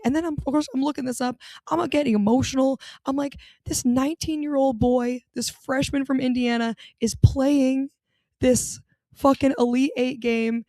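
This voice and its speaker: Animated, swearing woman podcast host. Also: fairly high pitch, no room sound. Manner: animated, profane, laughs often. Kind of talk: casual solo chat.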